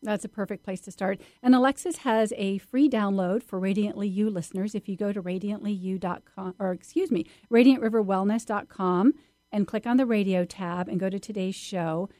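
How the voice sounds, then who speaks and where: A woman's voice: mid-range voice, a little fast, mellow, dry recording, studio quality. A woman hosting a podcast interview, asking questions and laughing along with her guest. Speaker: podcast host. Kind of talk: casual interview chat.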